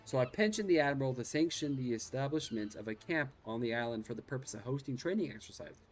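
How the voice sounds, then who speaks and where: A man reading a gruff naval officer's game dialogue aloud, stumbling over words now and then. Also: medium pitch, lively intonation, fast talker, soft background music, natural voice. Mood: matter-of-fact. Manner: reads quest text aloud with stumbles.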